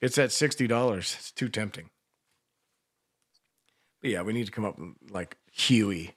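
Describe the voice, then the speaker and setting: A man's voice: fairly low pitch, normal speed, slightly rough. A man co-hosting a casual radio show, joking crudely and swearing as he runs a number-picking giveaway.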